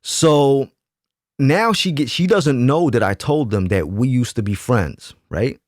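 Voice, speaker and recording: Male commentator, mid-pitched, emphatic storyteller, dry close sound. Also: expressive, takes it slowly, darkish tone, no room sound. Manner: emphatic, keeps asking "right?". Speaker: YouTube commentator. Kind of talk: casual storytelling monologue.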